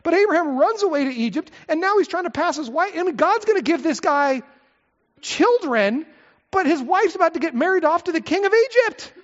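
A middle-aged pastor preaches an expository sermon briskly and expressively, throwing in rhetorical questions and side remarks as his pitch swings freely. A long church-hall echo hangs on the slightly dull audio.

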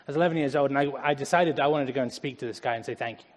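A young man preaching a lively sermon in a church, laughing often as he talks. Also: mid-range voice, racing, in a large hall. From Germany. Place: church sanctuary.

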